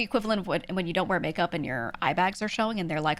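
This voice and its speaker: A woman streamer chatting casually with her viewers, talking quickly and lightly projecting her voice for the mic. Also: on the low side, fairly bright tone, no echo. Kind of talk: casual chat answering a livestream chat.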